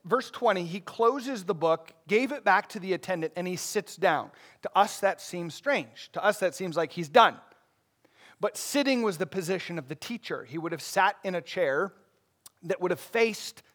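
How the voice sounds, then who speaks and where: A man's voice: high-pitched, fairly bright tone. A man preaching a sermon in a conversational way, asking the congregation questions and rising into emphatic bursts. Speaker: pastor.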